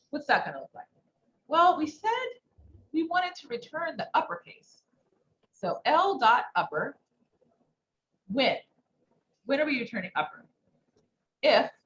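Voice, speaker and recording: A woman instructor with a medium-pitched, slightly bright voice teaches a live coding lesson, thinking aloud and posing rhetorical questions. The workshop recording sounds dull and muffled, with faint background noise.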